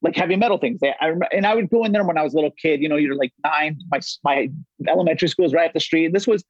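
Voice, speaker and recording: A man's voice: fairly high pitch, racing, no echo. Rambling middle-aged man, dull dry sound. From Los Angeles area. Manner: rambling, many restarts and swearing. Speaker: podcast guest. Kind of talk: casual chat.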